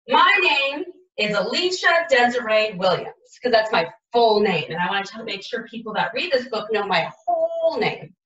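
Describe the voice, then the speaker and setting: A woman teaching a writing lesson to young children, modeling aloud and sounding out letters slowly and with exaggeration. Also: a little high, sharp tone, roomy sound, recorded from a distance, muffled recording.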